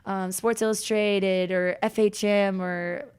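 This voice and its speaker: A young woman, a podcast guest, telling her story in a chatty, animated way, full of "like" and restarts. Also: mid-range voice, takes it slowly, clean tone. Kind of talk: casual interview storytelling.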